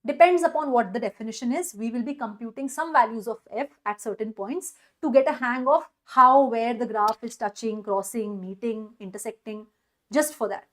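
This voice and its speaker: A woman maths teacher with an Indian English accent, giving an energetic online exam-prep lecture and coaxing students with questions. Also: fairly high pitch, normal speed.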